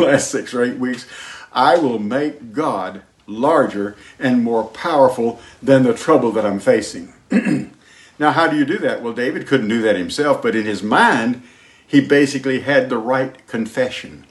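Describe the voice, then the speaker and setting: A man preaching a sermon as pastor, emphatic, moving between loud declarations and hushed lines. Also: lowish voice, normal speed. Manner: sings hymn lines.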